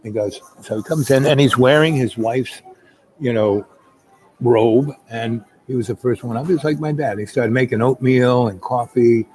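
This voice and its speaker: A man's voice: mid-range voice, moderate pace, darkish tone, poor audio. Older man rambling through a memory. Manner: meandering, many fillers and "you know"s. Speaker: storyteller. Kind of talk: rambling personal storytelling.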